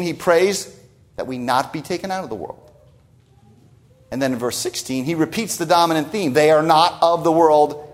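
A man preaching a sermon, teaching from a Bible passage with emphatic stresses and rhetorical asides. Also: high voice.

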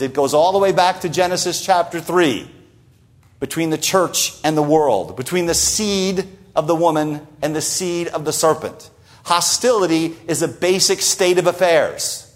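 A man preaching a sermon, teaching from a Bible passage with emphatic stresses and rhetorical asides. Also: on the high side.

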